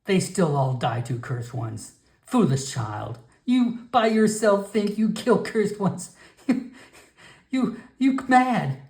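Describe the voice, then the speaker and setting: A man's voice: high-pitched, lively intonation, slow pace, a little mellow, voice pushed up, heavily acted. A man voicing a stern old female frog-folk shaman who scolds in broken, clipped speech. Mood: scolding. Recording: echoey room.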